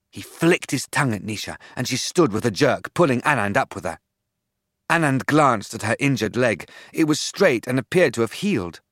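Male audiobook narrator, expressive storyteller, animated delivery, dry sound. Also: mid-range voice, normal speed, dry recording.

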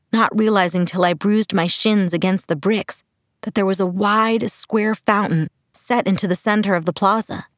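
A woman's voice: mid-range voice, no room sound. Woman narrating an audiobook, dry and close. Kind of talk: first-person audiobook narration.

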